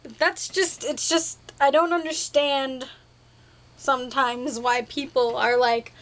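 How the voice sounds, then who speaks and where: High, bright, chatty young woman vlogger. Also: steady tone, slow. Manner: chatty, silly, self-deprecating, playful made-up words. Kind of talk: casual rambling to-camera vlog.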